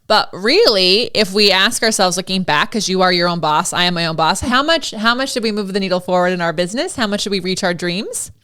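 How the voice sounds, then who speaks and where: A woman's voice: medium pitch, animated, fairly quick, hardly any pauses, pushed and bright, clear, resonant tone. A woman in her forties hosting a podcast, talking candidly and casually, laughing easily. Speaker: podcast host, Pilates instructor. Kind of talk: casual conversational interview.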